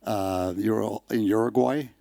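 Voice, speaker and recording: Man, audience commenter, low voice, gravelly, hesitant. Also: a little slow, mellow. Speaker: audience member, mining investor.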